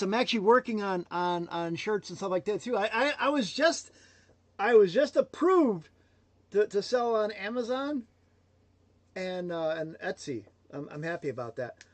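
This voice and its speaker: A man giving a motivational livestream talk, emphatic and swinging between loud declarations and hushed asides. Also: sits high, dry recording. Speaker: motivational speaker.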